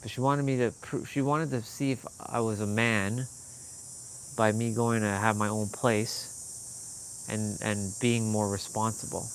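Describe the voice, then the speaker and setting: A man's voice: on the low side, fairly even intonation, a little slow, a little hiss or hum. A young man vlogging, telling an emotional personal story in a candid, swearing manner. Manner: candid, swearing, quoting others in heated bursts. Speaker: fitness vlogger.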